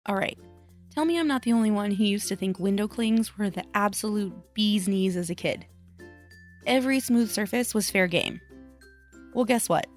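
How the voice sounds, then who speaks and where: A woman crafter talking casually to her viewers in a chatty, self-deprecating way, thinking out loud as she works. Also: medium pitch, moderate pace, faint music behind. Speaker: craft vlogger. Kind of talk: casual voice-over vlog.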